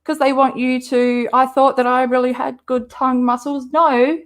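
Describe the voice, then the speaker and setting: Her voice sits high, with a flat delivery at normal speed. An Australian woman hosting a livestream, she rambles through casual chat in response to live viewer comments.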